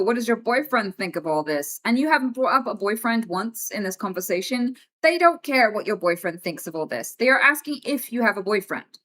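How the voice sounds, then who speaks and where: A woman's voice: on the high side, fairly bright tone. A young woman streamer in casual livestream chat, talking in a blunt, frank and exasperated way.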